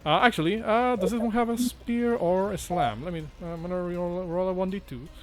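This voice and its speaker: A man's voice: high-pitched, faint music behind. A man running a tabletop game as game master, narrating with frequent hesitations. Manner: halting, many "uh" fillers.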